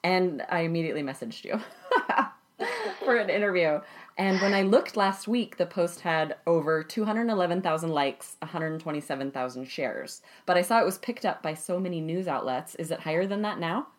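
Thirtysomething woman, podcast host, lowish voice, giggly and chatty. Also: lively intonation, normal speed. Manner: bubbly, laughs often. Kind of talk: casual chat.

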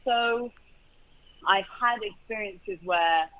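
A man's voice: high-pitched, slow, clear, resonant tone, dry recording, phone-quality sound. A man with a British accent, chatting as an interview guest, restarting his sentences and laughing easily. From Britain. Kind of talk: casual interview chat.

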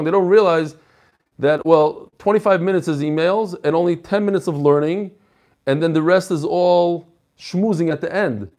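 A man's voice: high-pitched, normal speed, a little mellow. A man teaching a religious text class in a casual, joking way, reading listener emails aloud between lessons. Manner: chatty, joking, reads messages aloud. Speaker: rabbi teaching a Talmud class.

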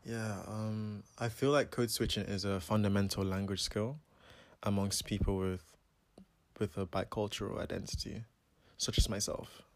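Young man from Scotland and Nigeria, reflective casual interview answer, lowish voice, dry close sound. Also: moderate pace, no echo. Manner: relaxed, reflective, loose with fillers. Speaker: photographer.

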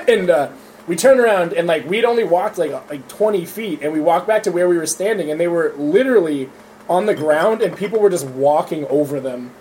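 Young man, high voice, profane laughing storyteller, casual chat, light background hiss. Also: expressive, brisk, darkish tone. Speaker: storyteller among friends.

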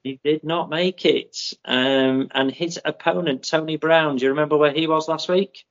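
A man co-hosting a running podcast, working through race results in a steady, methodical way with plenty of ums. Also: fairly high pitch. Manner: methodical, with many ums and drawn-out names. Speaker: podcast co-host. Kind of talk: casual chat, reading out running results. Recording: muffled lo-fi audio.

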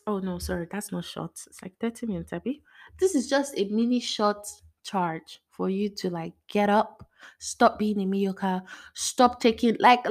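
Young woman, podcast host, casual faith talk, excitable, giggly, rambling. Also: mid-range voice.

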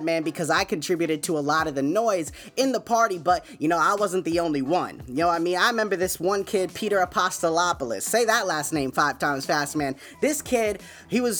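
A man's voice: high-pitched, fairly bright tone. A man hosting his podcast, telling stories in a loose, laid-back way and chuckling often. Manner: laid-back and chatty, peppering talk with "man" and "you know what I'm saying". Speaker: podcast host. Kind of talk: casual storytelling monologue.

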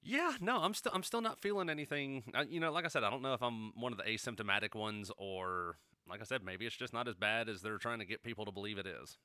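Podcast guy, bright tense voice, jokey and rambly, curses a lot. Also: lowish voice, quick pace, hardly any pauses, clear, resonant tone, dry recording, clean studio sound. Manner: joking, rambling, swears freely. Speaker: podcast co-host. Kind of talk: casual chat.

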